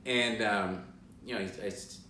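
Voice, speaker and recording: A man hosting a casual talk to camera, an animated storyteller full of asides, recorded indoors in a large suite. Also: lowish voice, normal speed. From moved from Boston. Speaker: guest house owner and host. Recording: roomy and somewhat distant with background noise.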